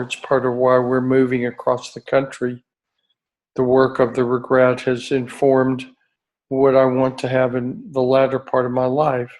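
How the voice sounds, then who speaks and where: Speaking to a retreat group at an outdoor beachside retreat, a middle-aged retreat leader talks slowly, earnestly and reflectively. His pitch stays level, and he frequently halts and restarts sentences while hunting for the right words. The recording quality is low.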